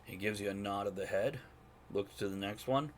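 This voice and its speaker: A man's voice: on the low side, moderate pace. A man running a tabletop game as game master, rambling and correcting himself as he narrates. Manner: rambling, chuckling, self-correcting.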